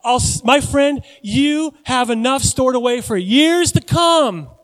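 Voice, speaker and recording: A man voicing a smug, boastful rich farmer who talks loudly to himself. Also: extremely high pitch, slow, in a large hall, voice pushed up, exaggerated voice. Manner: self-satisfied, loud, talks to himself.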